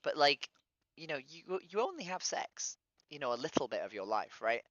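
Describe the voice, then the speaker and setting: A woman's voice: sits low, big pitch swings, normal speed. An English woman streaming on a random video-chat site, talking in a blunt, chatty, sweary way. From England. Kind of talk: casual video-chat conversation. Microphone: computer mic on a video call. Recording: dull lo-fi stream audio.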